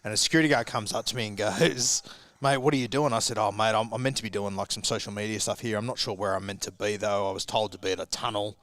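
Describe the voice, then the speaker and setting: A man's voice: lowish voice, steady tone, quick pace, fairly bright tone. An Australian man, a guest pundit, telling a long laughing anecdote in casual chat on a live sports show, acting out the people in his story. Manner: rambling, laughing anecdote with acted quotes. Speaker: guest rugby league pundit.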